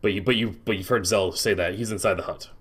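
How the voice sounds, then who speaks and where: Lower-voiced man running a tabletop game. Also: fairly even intonation, fast, fairly bright tone, slight background noise. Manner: hesitant, many restarts. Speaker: game master.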